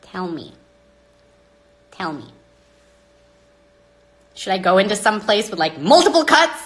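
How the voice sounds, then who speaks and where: A woman hosting a live stream into her phone, talking dramatically and with exasperation, swinging between loud outbursts and hushed asides. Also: medium pitch. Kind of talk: rambling live-stream monologue.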